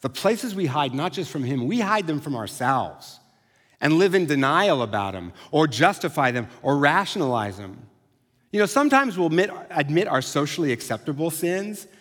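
Guy pastor preaching, chatty, lively asides, voice a bit high, big reverby church. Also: normal speed. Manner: conversational, animated asides. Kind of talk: sermon. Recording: long hall reverb.

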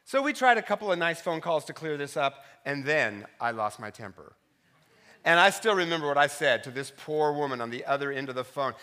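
A middle-aged man, a pastor, preaching a sermon full of personal stories, swinging from loud punchlines to soft, quiet reflection. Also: on the high side, very animated, a little fast. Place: church sanctuary.

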